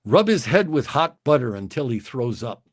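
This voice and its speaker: A man's voice: medium pitch, very animated, normal speed. A man voicing a suggestive little old lady calling in to a radio show. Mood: sly. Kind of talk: storytelling impression.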